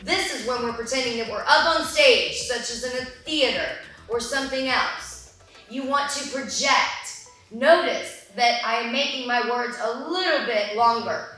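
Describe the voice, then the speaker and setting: A young woman teaching an online musical theater lesson, instructing step by step with careful, drawn-out enunciation. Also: on the high side, pushed and bright. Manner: instructive, slow deliberate enunciation. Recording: echoey room from a distant mic, music behind.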